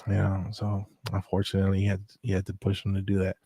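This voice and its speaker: A man's voice: deep voice, monotone, fast, warm tone, husky. A man telling personal stories in a laid-back, rambling way, with lots of fillers and restarts. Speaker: storyteller recounting memories. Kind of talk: casual spoken storytelling.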